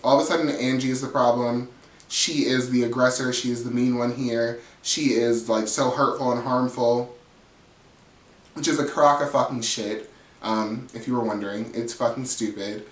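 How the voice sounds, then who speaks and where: A man recapping a reality TV episode in casual gossipy chat, swearing freely and jumping into high voices as he quotes the cast. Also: moderate pace, roomy sound. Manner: animated storytelling, jumps into high voices quoting the cast, laughs often.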